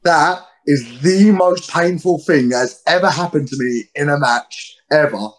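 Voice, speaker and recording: A man with a London accent tells stories with a blunt, slangy edge, cursing freely as he goes. His voice sits a touch high for a man. It is a casual, laid-back interview. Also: a little slow, low-quality recording. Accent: London English. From England. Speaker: guest wrestler.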